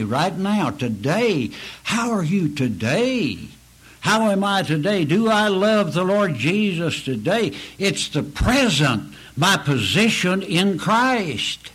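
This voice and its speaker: Male preacher, slightly high husky voice, slow deliberate pleading delivery. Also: fairly bright tone, low-quality recording. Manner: slow, earnest pleading preaching with rising emphatic peaks. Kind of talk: sermon.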